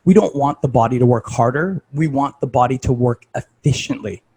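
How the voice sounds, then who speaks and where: A man's voice: medium pitch, a little fast, mellow, slightly rough, poor audio. A man talking casually as a fitness coach, conversational and full of "like" and "right?".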